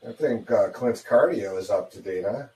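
A man with a lowish, dark-toned voice speaks at a moderate pace, and the audio is poor with a roomy sound. He co-hosts a movie watch-along commentary, chatting casually and frequently saying yeah and mm-hmm.

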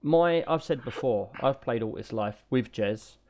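Male co-host, chatty storyteller, mid-pitched everyday voice, casual banter. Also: unhurried. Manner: chatty, animated anecdote telling. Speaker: podcast co-host.

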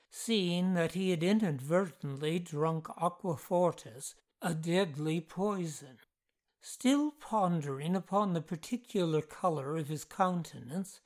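A woman narrates a ghost story in a measured, deliberate way. Her voice sits on the low side, and she takes her time over every phrase. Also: darkish tone.

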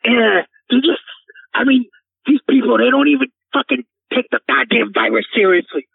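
A man's voice: extremely high pitch, moderate pace, vocal fry, husky, no echo, heavily acted. A man playing a frantic, cursing, tearful caller to a radio show, who rambles and stammers. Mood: ranting. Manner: swearing, rambling, stammering, breaking into sobs. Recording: tinny phone line.

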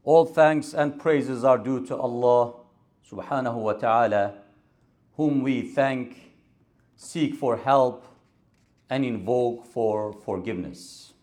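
An imam giving a Friday sermon from a mosque pulpit, with a repetitive rhetorical cadence and Arabic recitation. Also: male voice, medium pitch, slow, darkish tone.

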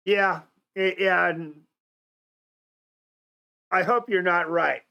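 A man's voice: high-pitched, steady tone, very slow, gravelly, muffled recording. A man hosting a casual talk show, rambling with many restarts and fillers. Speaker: show host.

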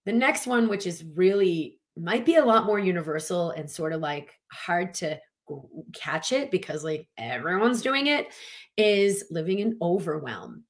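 Chatty woman coach, lowish voice. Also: a little slow. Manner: animated, chatty, lots of "like" and acted-out quotes. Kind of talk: motivational talk to an online audience.

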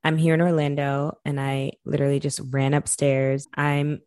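A woman in casual chat, telling lively stories and acting out quotes in a high voice. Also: normal speed, clean tone, dry recording, clean studio sound. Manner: animated storyteller, acts out quotes in a high voice.

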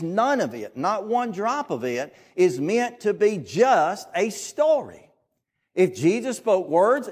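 Preaching a sermon to his congregation, a man with a Southern US accent speaks earnestly and emphatically, repeating his key phrases. His voice sits high.

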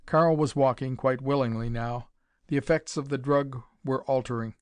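A man's voice: mid-range voice, fairly even intonation, normal speed, clear, resonant tone, dry recording. A man narrating a dramatic pulp adventure story, reading it aloud in a dry recording.

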